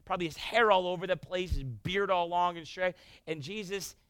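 A male pastor preaching a sermon, emphatic and swinging between loud bursts and hushed passages. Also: sits high, moderate pace, smooth, dry recording.

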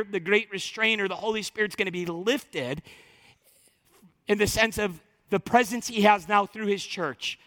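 A pastor preaching to his congregation, swinging from loud emphatic lines to hushed, slow ones. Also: high voice, long reverb tail. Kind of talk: sermon.

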